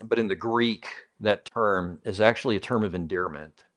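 A man's voice: on the low side, moderate pace, a bit bright. A man preaching a sermon as pastor, in a conversational, emphatic way, putting questions to the congregation and repeating key phrases.

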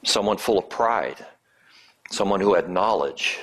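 A man's voice: sits low, lively intonation, unhurried, a bit bright. A man preaching a sermon and acting out quoted lines in changing tones. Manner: acts out quoted lines with shifting tone. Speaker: pastor.

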